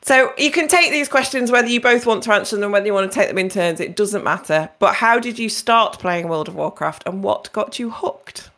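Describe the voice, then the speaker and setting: A woman's voice: medium pitch, a little fast, few pauses, a bit bright. A woman hosting a podcast, chatting loosely and laughing often between questions. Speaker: podcast host. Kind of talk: casual chat.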